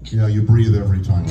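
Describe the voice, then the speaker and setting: A man who is a voice actor and speech teacher, giving a lively, demonstrative convention panel talk and laughing often. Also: lowish voice, very noisy. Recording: echoey room heard from a distance.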